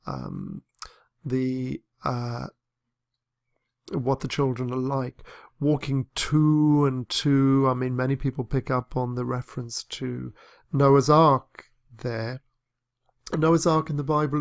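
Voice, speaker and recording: A man's voice: medium pitch, creaky, dry recording, clean studio sound. A man teaching a literature lesson on a poem, thoughtful and hesitant, with many fillers and restarts. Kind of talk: lecture on poetry.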